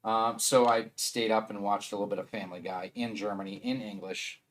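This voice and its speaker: A man's voice: fairly low pitch, steady tone, a little fast. A man with a Wisconsin accent chatting casually on a live stream, rambling and thinking aloud as he assembles a 3D printer.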